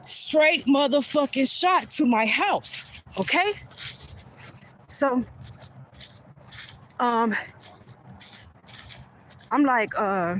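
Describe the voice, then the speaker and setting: A woman, speaking a little high, vents a story into her phone while walking outside. She is animated and blunt and swears freely. A faint hum of passing cars sits under her voice. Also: slow pace, long pauses, low-quality recording. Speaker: vlogger. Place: outdoors on a street.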